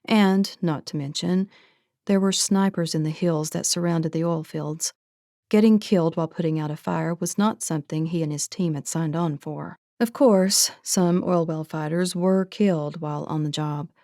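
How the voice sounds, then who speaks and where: A woman narrating an audiobook in a steady, even storytelling manner. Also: sits low, moderate pace, no room sound, studio quality. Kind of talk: scripted narration.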